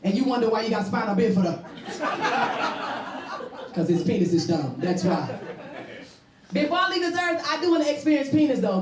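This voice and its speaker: A woman doing a bawdy stand-up comedy set on stage, with loud punchlines. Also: medium pitch. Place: stage before a live audience. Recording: roomy, distant mic with crowd laughter. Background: audience laughing.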